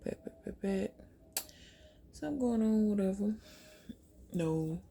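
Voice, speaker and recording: A woman's voice: medium pitch, slow, gravelly, a little hiss or hum. A young woman vlogger, chatting casually through a storytime while doing her makeup and acting out what people said. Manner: chatty, animated retelling with quoted asides.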